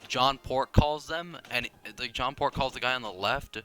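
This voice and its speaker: A man's voice: mid-range voice, normal speed, bright, forceful tone, faint music behind. A young man giving casual gameplay commentary, rambling and self-deprecating, with frequent restarts and tangents. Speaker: gaming video creator.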